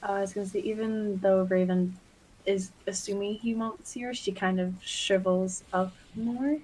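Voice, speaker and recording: A woman playing in a tabletop game, speaking softly and hesitantly. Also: mid-range voice, fairly even intonation, moderate pace, a little hiss or hum, rough recording. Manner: soft, hesitant speech. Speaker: player. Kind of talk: casual tabletop game chat.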